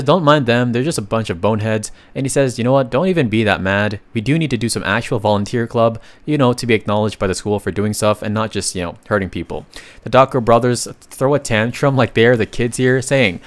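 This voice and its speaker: A man narrating a comic story recap in a casual, chatty way, reading the characters' lines aloud and adding slangy asides. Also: mid-range voice.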